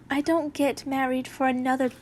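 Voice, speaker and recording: A woman's voice: high voice, little pitch movement, moderate pace. A woman reading a fanfiction aloud, voicing a sleepy young man who groans at being woken. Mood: groggy. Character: groggy young man on his wedding morning.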